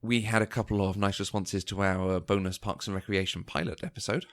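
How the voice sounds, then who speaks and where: Guy co-hosting a pod, lowish voice, laughs a lot between bits. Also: fairly even intonation, fairly quick. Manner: chuckles often between remarks. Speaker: podcast co-host. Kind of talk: casual chat and show announcements.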